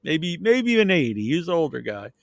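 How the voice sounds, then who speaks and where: A man's voice: a little high, big pitch swings, brisk, vocal fry, dry recording. A man hosting a podcast, telling rambling anecdotes in casual chat with lots of restarts. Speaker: podcast host.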